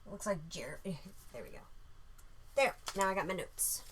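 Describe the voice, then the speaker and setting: A woman's voice: lowish voice, animated, unhurried, slight background noise. A woman hosting a live art stream, chatting casually and thinking aloud, with lots of fillers while she works. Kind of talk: casual chat while drawing.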